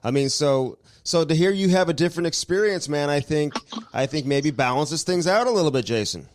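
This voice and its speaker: A man co-hosting a podcast, asking questions conversationally and reading ad spots in a slow, deliberate way. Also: on the high side, lively intonation, a little hiss or hum. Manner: conversational, reads ad copy slowly and deliberately. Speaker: podcast co-host. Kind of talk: casual interview and live ad read.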